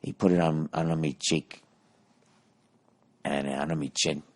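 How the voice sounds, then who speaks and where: A man's voice: extremely low pitch, little pitch movement, unhurried, voice pushed down. A man doing a grumbling English bar patron. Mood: aggrieved. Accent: put-on English.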